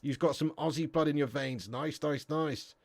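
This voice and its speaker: A young English man hosts a football live stream, reading out chat and trading cheeky, swear-laced banter with viewers. His voice sits a touch high and sounds dry and close to the mic. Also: moderate pace, no room sound. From England. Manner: banter-heavy, swears freely, laughs often, slangy.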